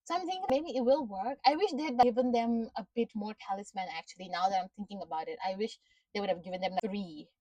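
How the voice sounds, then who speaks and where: A woman's voice: medium pitch, fast, dark tone, dry recording, recorded from a distance, rough recording. A woman giving a casual recap of a TV episode, ranting in exasperation with frequent swearing and laughter. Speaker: show reviewer.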